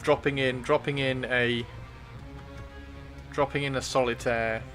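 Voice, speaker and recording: A man's voice: medium pitch, fairly even intonation, a little slow, fairly bright tone, faint music behind. A man chatting enthusiastically on a casual livestream, often repeating himself. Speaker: livestream host.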